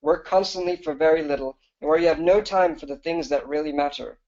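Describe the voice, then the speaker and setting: A man with a fairly high voice hosts a live webinar as a business coach. He pitches in a fast, eager rush, full of fillers and restarts. The audio is dull and lo-fi. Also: a little mellow.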